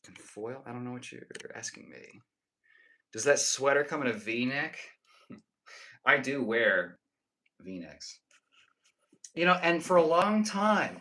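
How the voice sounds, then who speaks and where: Young man, streamer, casual teasing chat, bright tense voice, answers viewers. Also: medium pitch, slow pace, long pauses, rough recording.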